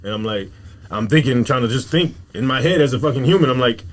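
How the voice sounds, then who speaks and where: A man's voice: mid-range voice, expressive, quick pace, a little hiss or hum. A man, a comedian, talking emphatically with heavy slang and profanity in a casual podcast chat.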